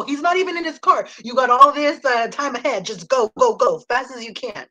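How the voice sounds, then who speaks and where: Brisk woman improviser on video call. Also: high-pitched, animated, pushed and bright, poor audio. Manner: brisk, matter-of-fact absurdity. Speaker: improv performer. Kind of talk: improvised comedy advice.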